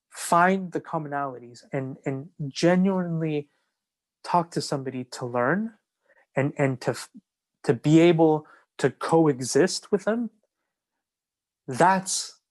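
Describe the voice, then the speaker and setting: A man speaking as a guest in a casual podcast conversation, earnest and repetitive, restarting phrases as he builds to his points. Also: a little high.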